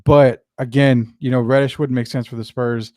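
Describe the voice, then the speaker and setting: A man hosting a laid-back sports talk show, putting questions to his co-host in a loose, rambling way. His voice sits at a middle pitch and sounds dry and close to the mic. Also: flat delivery, dark tone, dry recording. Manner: drawn-out, questioning, conversational.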